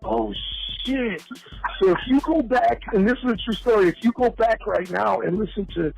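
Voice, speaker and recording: A man's voice: high voice, normal speed, gravelly, breathy edge, soft background music, low-quality recording. A man telling rambling, profane stories in casual chat as a podcast guest. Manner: rambling, profane, animated storytelling.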